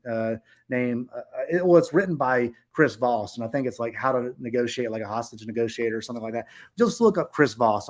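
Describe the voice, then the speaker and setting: A middle-aged man tells viewers a story about a difficult guest at one of his rentals. He speaks bluntly and swears often, and his voice sits at an everyday pitch. His delivery stays casual and heated. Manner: blunt and profane, heated retelling. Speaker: short-term rental owner.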